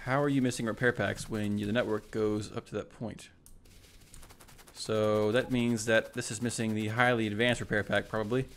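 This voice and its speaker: A man's voice: on the low side, little pitch movement, normal speed, fairly bright tone, slight background noise. A man casually narrating his own gameplay, thinking aloud, correcting himself and chatting to the units on screen. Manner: thinks aloud, self-correcting, talks to the robots. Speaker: let's play host.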